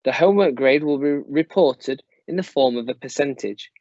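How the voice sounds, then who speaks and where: A man giving a formal, measured presentation to parents as a school staff member. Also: medium pitch, darkish tone, dry recording. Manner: measured, formal, explanatory delivery. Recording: slightly dull, dry close recording.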